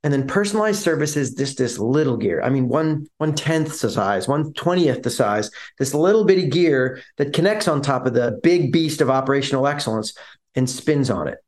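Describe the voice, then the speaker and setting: A man's voice: medium pitch, animated, moderate pace, a little mellow. A man co-hosting a business podcast, explaining ideas energetically with vivid images and acted-out quotes. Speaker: podcast co-host. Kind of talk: casual business podcast chat.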